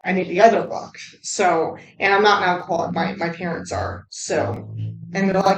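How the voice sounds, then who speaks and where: Brief: candid woman host, blunt and profane, mid pitch, slightly off-mic in a roomy space. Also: normal speed, far from the mic, slight background noise. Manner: blunt, heavy swearing, animated asides. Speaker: recovery channel host. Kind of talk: casual candid talk.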